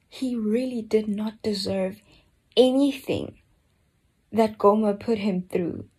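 A woman giving a slow, earnest personal reflection on a Bible book, often dropping to a soft near-whisper. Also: mid-range voice, slightly rough. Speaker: Bible study speaker.

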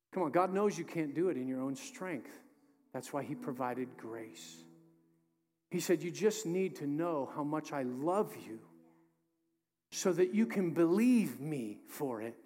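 A man, the pastor, preaching a sermon emphatically, moving between loud urging and hushed, slow delivery. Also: fairly high pitch, animated. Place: church sanctuary. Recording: music under voice in a reverberant hall.

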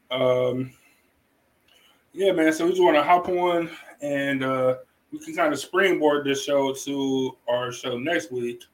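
A man's voice: mid-range voice, slow pace, low-quality recording. A man from Cleveland hosting a podcast in casual chat, laid-back, joking and slangy. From Cleveland, Ohio, USA. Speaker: podcast host.

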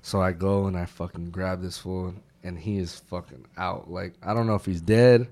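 A male army veteran, a podcast guest, telling a war story in casual chat, swearing freely and breaking into sudden shouted bursts. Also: low-pitched, moderate pace. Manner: profane, animated retelling with shouted bursts.

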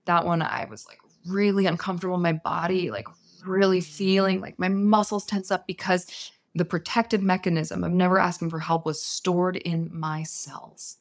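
A woman, a guest on an interview show, telling a personal story in a soft, unhurried, earnest way. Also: fairly low pitch, fairly even intonation.

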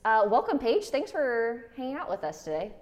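A woman's voice: a little high, sing-song, normal speed, a little mellow. Bubbly woman co-host in a reverberant room. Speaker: podcast co-host. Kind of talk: casual chat. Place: winery tasting room.

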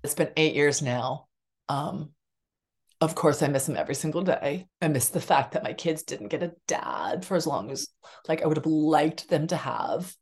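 A woman's voice: deep voice, moderate pace, darkish tone. A middle-aged woman, a psychotherapist guest, telling a personal story candidly and earnestly with frequent casual fillers.

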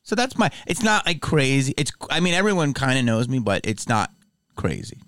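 A man hosts a podcast in easy, casual chat. His pitch swings widely as he tells stories and laughs between lines. The sound is dry and close. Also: moderate pace, dry recording. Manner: animated storyteller, laughs often. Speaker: podcast host.

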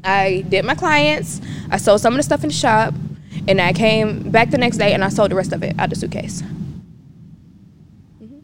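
Animated young woman telling a story. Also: on the high side, moderate pace, pauses often, background noise. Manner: animated, acts out quoted dialogue. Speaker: guest. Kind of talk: casual storytelling.

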